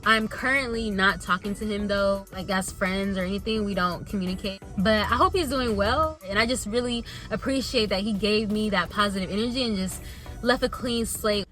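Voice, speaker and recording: A young woman vlogger telling a casual storytime to her viewers, animated and chatty, calling them y'all. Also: mid-range voice, moderate pace, soft background music.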